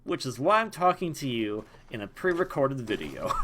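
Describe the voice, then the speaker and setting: A man's voice: mid-range voice, a bit bright. A young man giving casual let's-play commentary, rambling and self-deprecating, with frequent restarts and laughs. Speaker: gaming video host.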